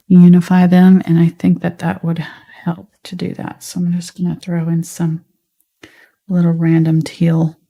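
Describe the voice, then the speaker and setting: A woman with a light Southern US accent, teaching a live painting tutorial in a relaxed, chatty way while she paints. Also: lowish voice, creaky. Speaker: painting instructor.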